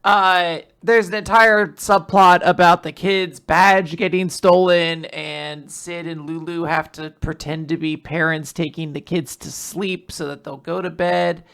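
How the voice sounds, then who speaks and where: A podcast host casually recapping manga chapters, rambling and animated, with frequent asides. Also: medium pitch, a little slow, hardly any pauses, clean tone. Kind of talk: casual chat.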